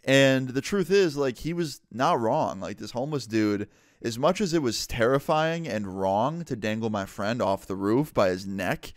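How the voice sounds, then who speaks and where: A man's voice: mid-range voice, lively intonation, moderate pace, dry recording, clean studio sound. A man in his twenties telling a story casually, full of "like" and "dude.". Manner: laid-back, full of "like" and "dude".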